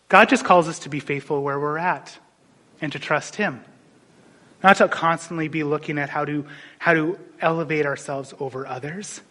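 A man preaching a sermon, animated and storytelling, dropping suddenly into quiet asides. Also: on the high side, moderate pace. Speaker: pastor. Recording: long hall reverb.

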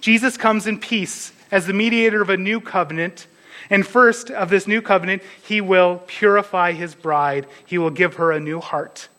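A man's voice: high voice, normal speed, sharp tone, rough recording. A man preaching a conversational sermon as pastor, dropping to a near whisper at tender moments.

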